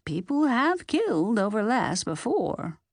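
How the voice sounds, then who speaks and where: Brief: a woman doing older lady amateur sleuth, brisk, reasoning, lively tone, dry recording. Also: on the high side, vocal fry, no echo, pitched above the performer's own voice, full character voice.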